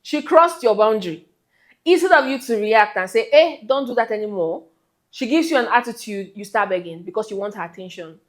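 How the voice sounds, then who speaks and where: A woman talks straight to her audience as a relationship advice vlogger. Her delivery is emphatic and scolding, and her voice sits at an ordinary mid pitch. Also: animated, fairly quick. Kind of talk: direct-to-camera advice talk.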